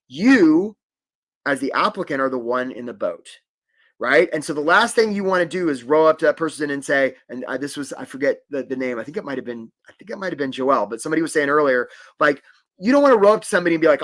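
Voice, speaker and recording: Male career coach, middle-aged, conversational webinar delivery, slightly high voice. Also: fast talker. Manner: animated, conversational, many "right?" tags. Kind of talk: live webinar teaching.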